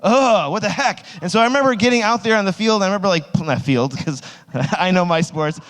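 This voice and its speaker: A man's voice: high-pitched, fast, a bit bright, clear, resonant tone. A man in his thirties, a youth pastor, telling a rambling, self-mocking personal story in a sermon, full of "like" fillers, on stage microphones. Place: large hall with an audience. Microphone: two stage microphones. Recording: long hall reverb.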